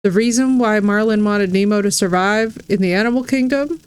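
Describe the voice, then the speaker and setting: A woman's voice: medium pitch, fairly quick, clear, resonant tone, no echo. A woman commenting live on a game she is playing. She talks in effusive, exclamation-filled bursts. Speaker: game streamer. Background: faint game music.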